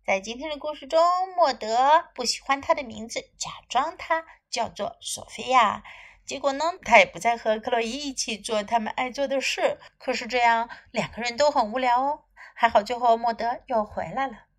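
A woman who teaches English reads a children's story aloud in two languages, her voice a little high. She delivers it slowly and clearly, like a lesson, repeating things as she goes.

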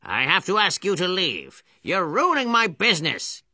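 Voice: medium pitch, huge pitch swings, normal speed, sharp tone, no room sound, heavily acted. A performer voicing a blunt, money-minded male restaurant owner in a storybook. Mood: brusque. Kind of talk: storybook voice acting.

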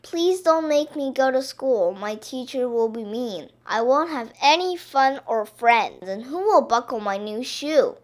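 A timid little duckling girl speaks in small, hushed replies, as a woman reading a storybook puts her on. Her voice is slow and rises and falls a lot, sitting a bit high. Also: lively intonation. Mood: wistful. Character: small shy girl duckling, scared of school.

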